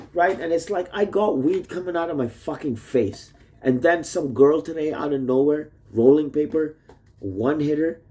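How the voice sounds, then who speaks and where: A man's voice: fairly high pitch, warm tone, a little hiss or hum. A man recording a rambling video message to his wife at home on a phone, swearing constantly and jumping from topic to topic. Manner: heavy swearing, jumps between topics. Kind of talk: rambling casual monologue. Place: at home in a messy rented room. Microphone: phone plugged in nearby.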